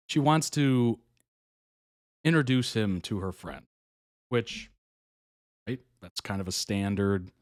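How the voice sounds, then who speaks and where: Hosting a reaction video, a man casually retells a reality show story as a chatty storyteller, chuckling often and quoting other people's lines in animated voices. His voice is lowish, and the studio-quality recording has no echo.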